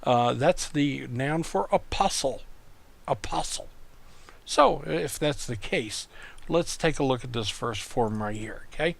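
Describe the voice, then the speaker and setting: A man's voice: mid-range voice, expressive, unhurried, creaky. A man tutoring in a recorded online lesson, explaining patiently and methodically, often repeating words. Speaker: Greek tutor.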